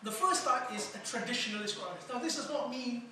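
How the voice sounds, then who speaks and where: A man's voice: very high-pitched, sharp tone. Man lecturing in an echoey hall. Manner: measured, explanatory, poses questions to the audience. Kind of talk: conference lecture. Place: conference hall. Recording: echoey hall from far off with noise.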